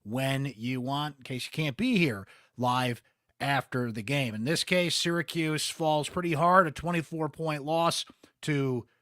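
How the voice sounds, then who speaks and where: A man's voice: on the high side, unhurried, fairly bright tone, no room sound. A man with a Central New York accent hosting a postgame sports podcast, chatty and candid with wry asides, close on the mic.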